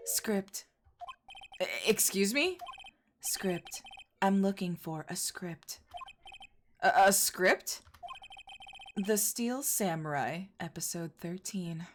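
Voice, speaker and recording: A woman's voice: medium pitch, lively intonation, slow pace, pauses often, background noise. A woman voicing an aloof, cold female film producer, reading game dialogue in a curt, disdainful way. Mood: dismissive.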